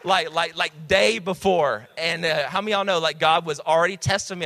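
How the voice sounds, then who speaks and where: A man in his thirties preaching a sermon, telling stories in a lively way with quick restarts and building to emphatic shouts. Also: high voice, big-room sound. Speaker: pastor.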